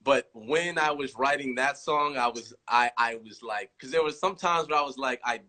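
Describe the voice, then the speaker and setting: A man's voice: mid-range voice, normal speed, pushed and bright. A man from California, in his thirties, chatting casually on a livestream, rambling and restarting, acting out quoted lines. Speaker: rapper talking on a livestream.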